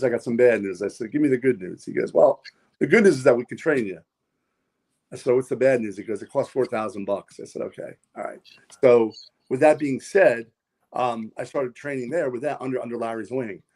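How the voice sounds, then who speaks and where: A wrestler and pilot appearing as a podcast guest speaks in a mid-range, slightly mellow voice. In this casual interview, he tells long stories that ramble, packed with fillers and repeated words.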